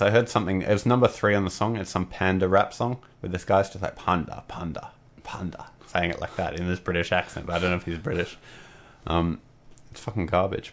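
A man co-hosting a podcast, chatting in a rambling, profane, laid-back way. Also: sits low. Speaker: podcast co-host. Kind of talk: casual chat.

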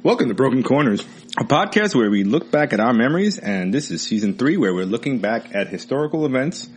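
A man's voice: medium pitch, big pitch swings, a little fast. A man hosting a podcast, chatting loosely and jokily and swearing casually. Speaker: podcast host.

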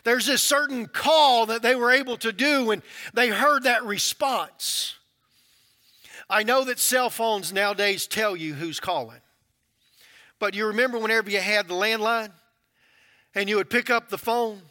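A man's voice: sits high, a little slow, pushed and bright. A male pastor preaching a sermon in a folksy, conversational way.

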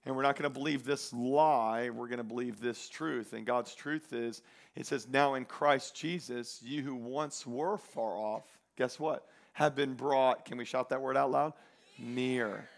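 A male pastor preaching a sermon, swinging from loud, declaring lines to quiet, intimate asides. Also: medium pitch, fairly even intonation, measured pace, vocal fry.

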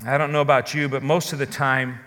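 A man preaching a sermon as a pastor, speaking earnestly, putting direct questions to his listeners and leaning slowly on key words. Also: medium pitch, level tone, a bit bright, in a large hall.

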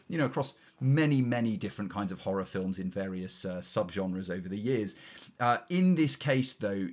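A man co-hosting a film review podcast, wry and articulate, moving between read synopses and loose chat. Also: on the low side. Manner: wry, articulate, with fillers and restarts.

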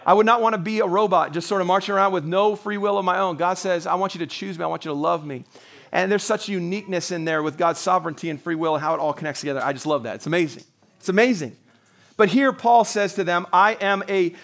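A man with a high, fairly bright voice preaches a sermon in an earnest, conversational way. He quotes scripture in character, acting out the voices, and chuckles often.

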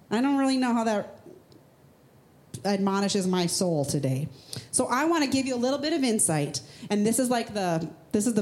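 Woman preaching a lively, conversational sermon. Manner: conversational and emphatic, with sudden high-pitched rhetorical questions. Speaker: pastor. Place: church.

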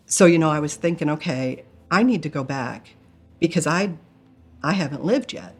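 A woman's voice: deep voice, expressive, normal speed, breathy edge. A middle-aged woman candidly telling a personal story in a testimony style, earnest with flashes of self-mocking humor. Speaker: guest telling a near-death experience.

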